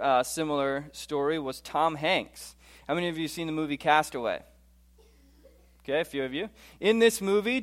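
A man's voice: on the high side, fairly bright tone. A man in his thirties giving a conversational presentation to a live audience, often asking them questions and saying "okay". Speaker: speaker addressing a live audience.

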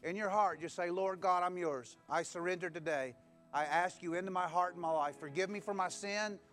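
High-voiced man preaching a sermon. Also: normal speed, fairly bright tone, faint music behind. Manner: exhorting, repeats phrases and leads call-and-response. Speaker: pastor. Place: church.

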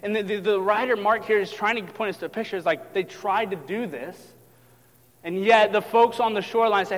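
Animated high-voiced male preacher in reverberant hall. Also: moderate pace. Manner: animated, acts out voices of disciples and crowds, casual asides. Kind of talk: sermon.

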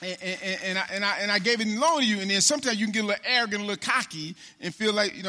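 A man preaching a casual sermon in a church, talking straight to the congregation and calling people by name, then slowing down to read scripture aloud. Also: high voice, pushed and bright. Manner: conversational, addresses congregation by name, slows for scripture. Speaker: pastor.

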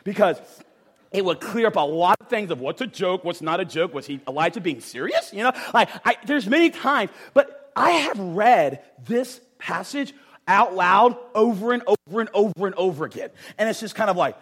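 A man's voice: high-pitched, normal speed, slightly rough. A man preaching a sermon, talking emphatically with casual jokes and frequent asides to the crowd. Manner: animated, emphatic, jokey, talks to the crowd with "right?".

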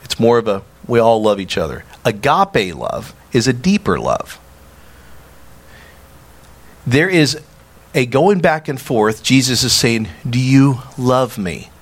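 A man preaching a sermon as a pastor, animated and emphatic, acting out quoted dialogue. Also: mid-range voice, measured pace, pauses often.

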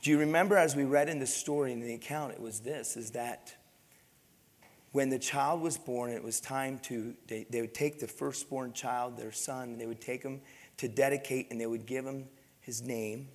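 A man's voice: mid-range voice, steady tone, normal speed, in a large hall. A man preaching a sermon as a pastor, his voice rising and falling for emphasis as he acts out scripture figures.

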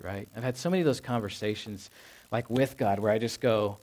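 Pastor guy in his 30s preaching, lowish voice, chatty and personal, lots of ums. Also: quick pace, a little mellow. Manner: conversational and personal, with many fillers and restarts. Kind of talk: sermon. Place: church sanctuary.

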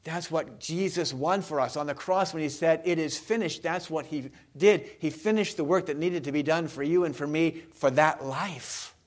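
A man's voice: on the high side, moderate pace, hardly any pauses. A male pastor giving a sermon in a conversational way, often putting questions to the congregation.

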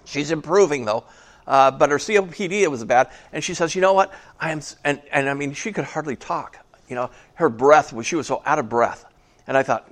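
A man's voice: fairly high pitch, brisk. A man preaching a casual sermon to a small church, chatty and joking, asking the congregation questions. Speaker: pastor.

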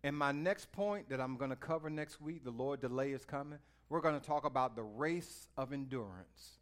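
A man preaching a sermon in a folksy way, talking straight to his listeners and swinging from quiet musing to loud exhortation. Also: medium pitch, normal speed. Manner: folksy, speaks to the listeners directly.

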